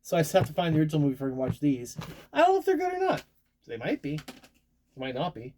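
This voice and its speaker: A married adult man with a fairly high, darkish voice talks very fast, his pitch swooping wildly, as he casually shows off his latest collector purchases. He rambles, restarts words and teases himself, with slight background noise audible.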